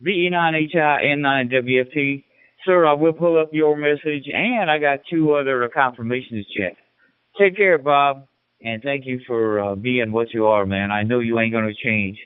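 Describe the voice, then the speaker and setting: A man's voice: mid-range voice, normal speed, clear, resonant tone, no room sound. A man chatting casually on a ham radio, rambling and folksy with frequent restarts. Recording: tinny radio transmission.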